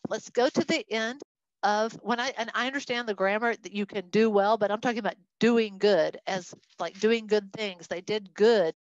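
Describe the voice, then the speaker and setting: A woman's voice: mid-range voice, moderate pace, no room sound, dull audio. A woman teaching a Bible study lesson, talking to a group and acting out the voices of people she quotes. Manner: animated, acts out quoted voices.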